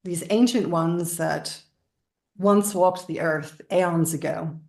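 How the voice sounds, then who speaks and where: Low, gravelly woman telling a story. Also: takes it slowly, darkish tone. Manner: rambling, laughs often while telling stories. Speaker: interview guest. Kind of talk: conversational storytelling.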